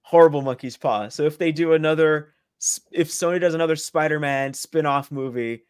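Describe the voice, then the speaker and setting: Podcast dude, wry storyteller, kinda high voice, dry mic. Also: male voice, level tone, moderate pace, smooth, dry recording. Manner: storytelling, wry, laughs often. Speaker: podcast co-host. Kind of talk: casual chat.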